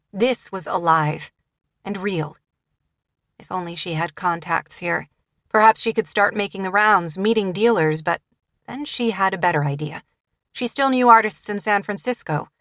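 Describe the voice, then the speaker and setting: A woman with a lowish voice reads a novel aloud as an audiobook narrator. Her scripted storytelling is measured and even, recorded with clean studio sound and no room echo.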